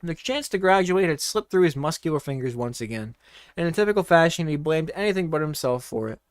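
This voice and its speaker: A man's voice: fairly high pitch, lively intonation, brisk, clean tone, dry recording, clean studio sound. A man reading a comedic story aloud in a playful, mock-dramatic way, breaking off for joking asides.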